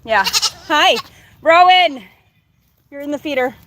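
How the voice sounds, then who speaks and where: A woman's voice: high voice, big pitch swings, a little slow, long pauses, fairly bright tone, a little hiss or hum. A woman vlogging from her farm, chatting to her animals in a coaxing, sing-song way. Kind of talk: casual talk to farm animals. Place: outdoors on a farm. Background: goats bleating.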